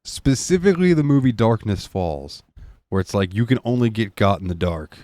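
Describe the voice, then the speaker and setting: A man co-hosting a podcast, telling stories in a casual, profane, animated way. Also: on the low side, moderate pace, dry recording. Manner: animated, profane storytelling with laughs. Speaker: podcast co-host. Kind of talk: casual chat.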